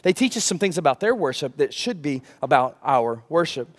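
A man preaching a sermon as pastor, animated, with rhetorical questions and humor. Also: on the high side, fairly quick.

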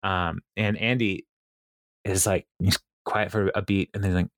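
A man's voice: low-pitched, steady tone, normal speed, fairly bright tone, dry recording, clean studio sound. A man co-hosting a podcast, retelling a show's scenes in a rambling way, quoting characters, with many fillers. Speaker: podcast co-host. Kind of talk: casual episode recap.

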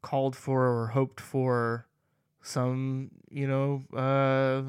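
Smooth-voiced man on a dry mic. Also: medium pitch, little pitch movement, extremely slow, no room sound. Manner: joking, laughs often, trails off with fillers. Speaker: podcast co-host. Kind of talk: casual chat.

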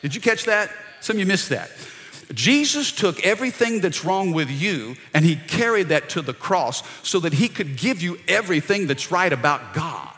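A middle-aged male pastor preaches with a bright, lively voice that swings up and down, calling out to his congregation. His voice carries a long reverb from a large church hall. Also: high voice, normal speed. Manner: energetic, calls out to the congregation. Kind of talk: sermon. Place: church sanctuary.

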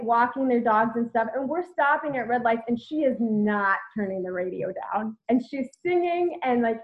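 A woman hosting a podcast, telling a personal story candidly and reflectively, with many "like"s. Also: mid-range voice. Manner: reflective, heavy use of "like". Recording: tinny phone-like audio.

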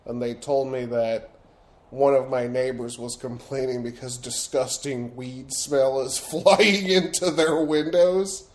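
A man's voice: mid-range voice, steady tone, slow pace. Laughing, foul-mouthed young podcast man. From Florida. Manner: laughs often, swears freely. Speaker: podcast host. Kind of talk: casual crude banter.

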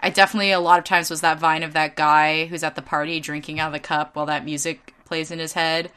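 A young adult woman hosting a podcast, telling convention stories in casual chat, animated, swearing freely and laughing often. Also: deep voice, quick pace, clear, resonant tone. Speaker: podcast host and convention artist.

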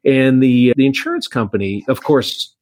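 A man's voice: medium pitch, normal speed, a little mellow, no room sound. A man who works as an insurance agent, telling a long personal story in a casual, rambling way with frequent restarts. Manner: anecdotal, many restarts.

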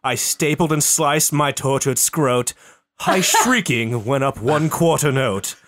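A man reading a crude comic poem in a put-on Scottish accent, with slow, theatrical, mock-solemn delivery. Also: mid-range voice, fairly bright tone, dry recording. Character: man doing a Sean Connery-style Scottish voice.

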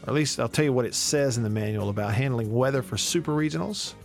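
A man in his 30s from Alabama hosts a studio radio talk show, telling stories in a chatty, self-mocking way. He talks quickly in a mid-range voice with vocal fry and hardly pauses, while soft music plays behind him.

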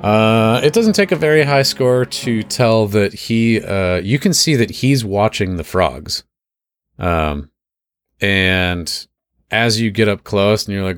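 A man narrating as game master of a tabletop game, talking in a relaxed, rambling way with many fillers. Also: low voice, takes it slowly, clean tone, no room sound, clean studio sound.

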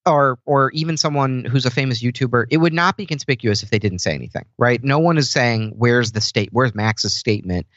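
A man's voice: medium pitch, fairly quick, few pauses, a bit bright, dry recording, dull audio. A man talking casually as a podcast guest, rambling with lots of fillers and restarts. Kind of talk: casual conversation.

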